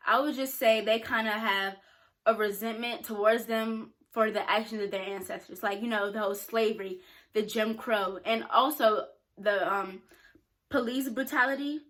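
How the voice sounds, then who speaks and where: A woman's voice: fairly high pitch, a bit bright. A young woman talking frankly and casually to camera, answering questions with plenty of filler words. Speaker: YouTuber.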